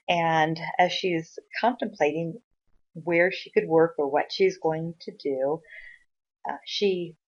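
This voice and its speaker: A woman giving a conversational recorded university lecture, with frequent fillers and sudden bursts of loud emphasis. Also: lowish voice, muffled recording.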